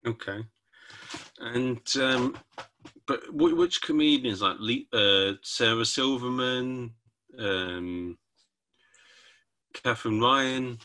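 A man's voice: medium pitch, slow pace, long pauses, bright, forceful tone. A man hosting a podcast, asking short questions and chatting casually with his guest. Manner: short prompting questions, easy laughs. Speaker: podcast host. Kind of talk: casual interview chat.

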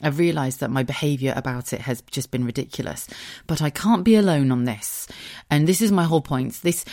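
A woman's voice: extremely low pitch, darkish tone. A woman hosting a casual solo podcast, talking candidly and swearing freely while poking fun at herself. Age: adult. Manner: candid, self-mocking, sweary. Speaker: podcast host.

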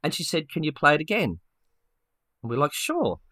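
Bright, animated male podcast storyteller. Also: on the high side, brisk, no room sound, studio quality. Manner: animated, acts out quotes, many restarts. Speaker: podcast co-host. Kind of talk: casual storytelling.

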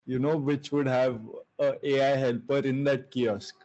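A man's voice: medium pitch, flat delivery, unhurried, darkish tone. Young man on a lo-fi call. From India. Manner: laid-back, laughs often, searches for words. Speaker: guest entrepreneur. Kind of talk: casual video-call interview. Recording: dull lo-fi video call.

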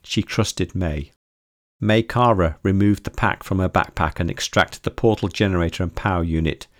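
A man reading a story aloud in steady, measured scripted narration. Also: low voice, no room sound, studio quality. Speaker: audiobook narrator.

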